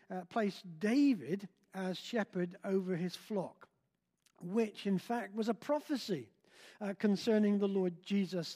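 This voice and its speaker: An older man preaching a sermon in a church, slow and halting with many filler sounds. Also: high voice, mellow. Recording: long reverb in a hall.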